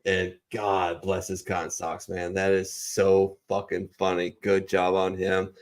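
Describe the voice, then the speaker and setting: A man's voice: deep voice, completely flat delivery, a little slow. A male host of a veterans' talk show wrapping up in a casual chat, rambling with fillers and restarts. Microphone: online call microphone.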